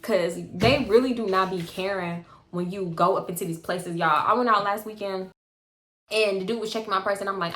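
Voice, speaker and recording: A young woman in her twenties tells a story casually to a phone camera at home, full of slang and squealing up into quoted voices. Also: a little fast. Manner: animated, slangy, jumps into quoted voices with sudden high squeals. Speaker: storytime vlogger. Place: bedroom at home. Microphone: phone held close.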